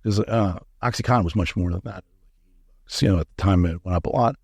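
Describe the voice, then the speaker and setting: A man's voice: low-pitched, fast, a little mellow, slightly rough, dry recording. A man as a podcast interview guest, telling a candid story in a frank, profane way with many fillers and restarts.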